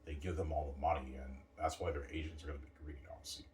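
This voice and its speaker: A man's voice: a bass voice, fairly even intonation, fast talker, a little mellow, a little hiss or hum. A man in a casual, rambling monologue, boastful and repetitive, recorded from a distance in a roomy space. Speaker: vlogger.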